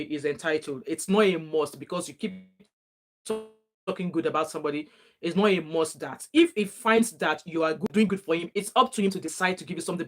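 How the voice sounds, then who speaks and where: A woman giving opinionated, chatty commentary on a clip as a reaction vlogger. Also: sits low. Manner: opinionated, chatty, greets viewers. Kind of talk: casual commentary on a played clip.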